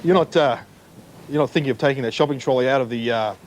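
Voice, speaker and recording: A man's voice: mid-range voice, fast talker, a little hiss or hum. An Australian man doing a prank comedy bit as a mock-official parking attendant, teasing passers-by in a car park. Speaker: comedy segment presenter posing as parking attendant.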